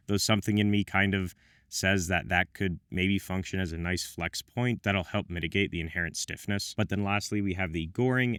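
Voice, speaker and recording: A man's voice: low-pitched, a bit bright, clear, resonant tone, no echo, studio quality. A man giving a scripted product review with wry, self-deprecating asides. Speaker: menswear reviewer.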